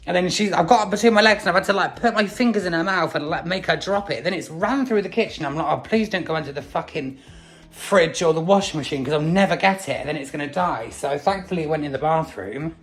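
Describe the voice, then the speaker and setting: A man's voice: a little high, fast talker, fairly bright tone. A man vlogging casually from home, chatty, with many fillers and free swearing. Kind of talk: casual vlog chat.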